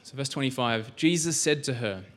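A man's voice: medium pitch, animated, normal speed, fairly bright tone. A male pastor giving a sermon in a church, conversational, with rhetorical questions and frequent restarts.

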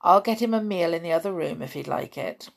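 A woman voicing a kindly, bustling farm mother who talks with warm generosity. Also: on the low side, lively intonation, fairly quick, creaky.

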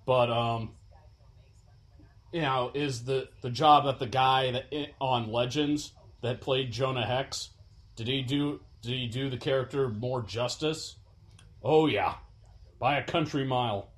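A man in casual podcast conversation, easygoing and loose. He talks in a middle-pitched voice, often quoting film scenes and laughing along. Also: a little slow. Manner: laid-back, quotes film lines with laughs. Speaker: podcast co-host. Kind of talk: casual chat.

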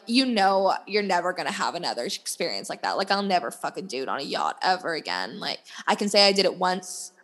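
A woman's voice: fairly low pitch, a bit bright. Chatty young woman podcasting candidly. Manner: candid, chatty, full of "like" fillers and laughs. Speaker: podcast host. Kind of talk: casual solo podcast chat. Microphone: podcast mic.

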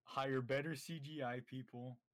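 A man co-hosting a casual podcast, rambling through his points with plenty of fillers and easy laughter. His voice sits at an ordinary male pitch. The sound is dry and close, with no room around it. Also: steady tone, normal speed, fairly bright tone, no room sound. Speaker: podcast co-host.

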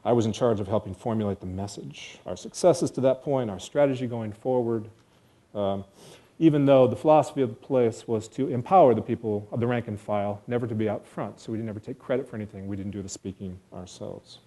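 A man's voice: lowish voice, a little fast, warm tone. A man from the United States telling a personal story to an audience, earnest and self-deprecating, in vivid present tense.

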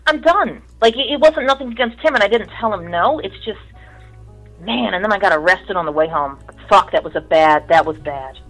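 A woman's voice: medium pitch, brisk, soft background music, poor audio. A woman guest in casual chat, telling stories bluntly with lots of swearing and acted-out voices. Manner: blunt, profane storytelling with lively mimicry.

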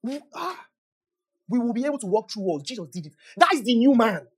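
A young man preaching a sermon, emphatic and animated, swinging from loud declarations to soft asides. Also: very high voice, a little fast, breathy edge. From Nigeria.

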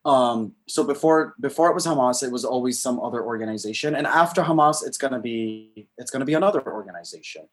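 A man talking politics in a relaxed conversation, full of conviction and emphatic repetition. He scatters "like" through his speech, and his voice sits at an ordinary middle pitch. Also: fast, hardly any pauses. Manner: passionate, emphatic, many "like" fillers.

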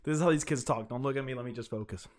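A man's voice: mid-range voice, racing. A man co-hosting a casual podcast, swearing freely and laughing often as he rants. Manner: profane, animated, laughing often. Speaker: podcast co-host.

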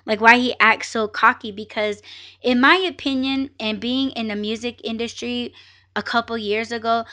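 A woman hosting a podcast, telling a story in a casual, animated and profane way, with many fillers and acted-out exchanges. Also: on the high side. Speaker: podcast host.

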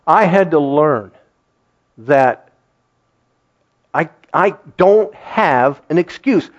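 Male pastor, animated sermon delivery, lively intonation, dull recording. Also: a little high, very slow. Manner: animated preaching, acts out quoted voices, laughs often.

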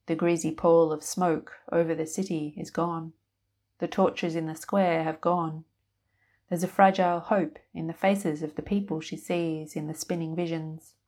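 A woman storyteller narrating a piece of fiction in a calm, even way. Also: deep voice, a little slow.

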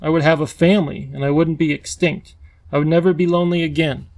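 A man voicing a lonely, eager male creature king, the Wangdoodle, who lisps and talks excitably. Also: on the high side, quick pace, lightly acted. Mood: pleading. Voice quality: lisping. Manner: excitable, bouncy, pleading.

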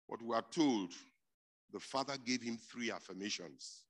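A man preaching a sermon, emphatic and repeating his key phrases, dropping to quiet stretches and rising to loud, forceful bursts. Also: medium pitch, moderate pace.

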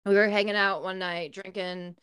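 A woman's voice: medium pitch, little pitch movement, normal speed, fairly bright tone, clean tone. A young woman co-hosting a podcast, telling a candid story in casual chat and swearing freely. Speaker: podcast co-host.

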